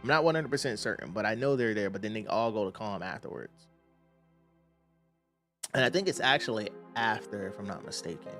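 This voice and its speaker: A man streaming a game, chatting casually with viewers and reading their comments aloud in a relaxed way, with lots of hedging. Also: fairly low pitch, brisk, faint music behind. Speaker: gaming streamer. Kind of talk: casual livestream chat.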